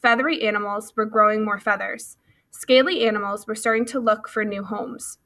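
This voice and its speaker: Female storybook reader, bright and clear, steady pacing. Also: mid-range voice, moderate pace. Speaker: audiobook reader. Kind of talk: reading a children's novel aloud.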